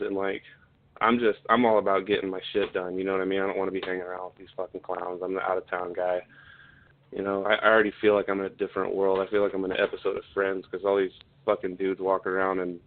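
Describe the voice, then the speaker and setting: A man telling a story in a casual, blunt way, swearing often and getting heated. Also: low-pitched. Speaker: podcast guest, fighter. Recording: tinny phone-like line.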